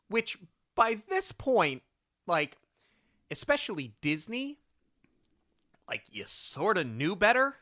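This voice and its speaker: A podcast co-host in casual film review chat, animated and incredulous, acting out scenes in quick put-on voices. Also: medium pitch.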